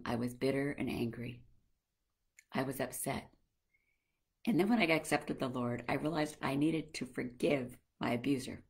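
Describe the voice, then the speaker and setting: Older female coach, low husky voice, gentle motherly devotional teaching. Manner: gentle, motherly, slows to a soft calm voice. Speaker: Christian life coach for women. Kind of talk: devotional teaching on a live stream.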